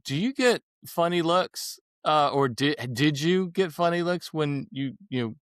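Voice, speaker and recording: A man's voice: a little high, lively intonation, unhurried, dry recording, studio quality. A man hosting a podcast interview, enthusiastic and effusive, laughing often in casual chat. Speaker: podcast host.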